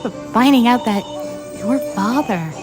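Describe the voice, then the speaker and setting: A woman voicing a sympathetic young female lawyer in a fan dub, speaking softly, with music behind. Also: a little high, expressive, unhurried. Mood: concerned.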